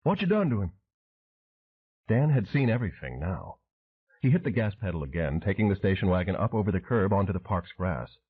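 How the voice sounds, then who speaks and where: A man's voice: deep voice, expressive, a little fast, breathy edge. A man narrating an audiobook thriller with dramatic storytelling. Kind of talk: scripted narration. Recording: tinny phone-like audio.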